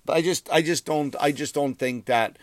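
A man's voice: on the high side, moderate pace, no echo, clean studio sound. A man, a comedian hosting his own podcast, ranting in a rambling way, swearing freely and restarting his sentences. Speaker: stand-up comedian and podcast host. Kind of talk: profane comic rant.

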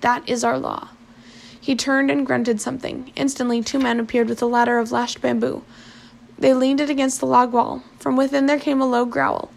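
A woman reading a novel aloud in a plain, steady way, with small slips and restarts. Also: sits high, a little fast, creaky. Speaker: narrator.

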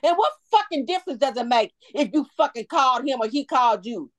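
A woman in a fired-up, profanity-laced rant on a chat podcast. Her voice sits a little high and sounds dry and close to the mic. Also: lively intonation, fairly quick, dry recording. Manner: heated profane ranting. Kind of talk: casual chat.

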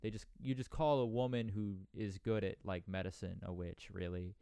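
A man's voice: lowish voice, steady tone, normal speed, creaky, warm tone, clear, resonant tone, dry recording. A man casually recapping a movie on a podcast, rambling with dry asides and acting out bits of dialogue. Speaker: podcast co-host.

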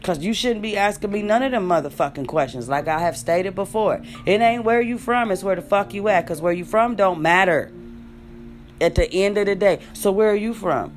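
A woman's voice: mid-range voice, normal speed, soft background music. A young adult woman ranting bluntly and sarcastically to her viewers, full of profanity. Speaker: vlogger. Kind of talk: ranting monologue.

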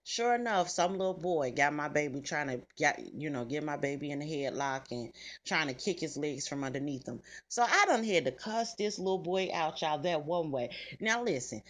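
Low-voiced blunt cussing woman storyteller. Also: expressive, moderate pace. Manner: blunt, salty, cusses freely, talks straight to listeners. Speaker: podcast host. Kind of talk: casual storytelling chat.

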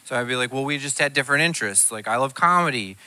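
A man's voice: mid-range voice, quick pace, noisy background. Self-mocking stand-up comedian man. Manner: self-deprecating, animated storytelling.

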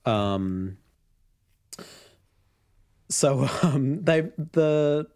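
A man's voice: mid-range voice, lively intonation, very slow, darkish tone, clear, resonant tone. A man casually retelling a story as podcast host, with frequent ums and laughs. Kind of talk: casual chat.

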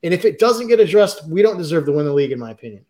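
A man's voice: fairly high pitch, big pitch swings, racing, warm tone. A man co-hosting a football podcast, ranting in frustration and swearing. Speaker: podcast co-host. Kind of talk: heated football fan chat.

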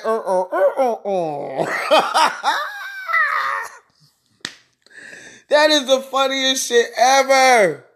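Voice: mid-range voice, fairly bright tone. A podcast host ranting solo, mocking and cursing, who keeps breaking into laughter.

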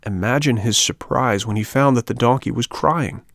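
A man reading a classic children's story aloud in a measured, even way. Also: medium pitch, no echo, studio quality. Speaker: audiobook narrator. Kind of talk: storybook narration.

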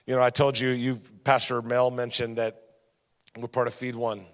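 Speaking at a moderate pace, a man preaches energetically as a guest pastor, weaving stories and repeated refrains. He drops from loud, punchy emphasis to hushed, low lines, all within the long reverb of a church sanctuary.

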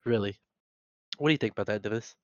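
A man's voice: on the low side, fast, no room sound. A young man co-hosting a podcast, telling rambling stories with lots of laughs and restarts. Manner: rambling, laughing, animated storyteller. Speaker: podcast co-host. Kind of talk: casual podcast banter. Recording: muffled lo-fi recording.

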